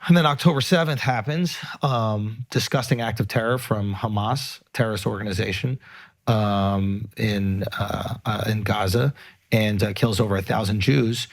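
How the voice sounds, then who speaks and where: A man's voice: lowish voice, normal speed. A man hosting a podcast, talking in an earnest, emphatic way with frequent swearing. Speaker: podcast host. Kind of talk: casual podcast chat.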